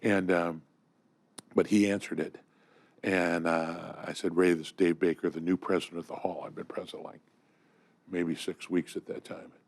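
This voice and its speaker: A man's voice: low-pitched, flat delivery, normal speed, dry recording. An older man from Southern California, a guest in a studio conversation, telling enthusiastic stories full of fillers and restarts. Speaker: interview guest. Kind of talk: storytelling in conversation.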